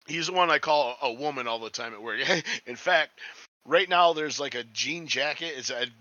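A man's voice: a little high, moderate pace, pushed and bright, dry recording. Profane, cocky man in a muffled recording. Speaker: restaurant line cook. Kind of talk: casual podcast chat.

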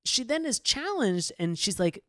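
Podcast co-host, casual chat, swinging lively pitch, dry close sound. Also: unhurried, no room sound. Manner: animated storytelling, swears freely.

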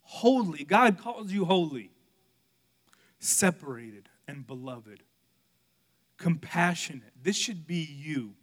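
A male pastor preaching a sermon, telling a candid personal story, swinging from loud outbursts to hushed, quiet passages. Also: on the high side, lively intonation, slow pace, pauses often.

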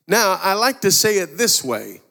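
A man's voice: sits high, sing-song, normal speed, creaky, sharp tone. A male preacher giving a sermon in a folksy, conversational way, telling stories and voicing the people in them. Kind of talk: sermon with storytelling. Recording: long hall reverb.

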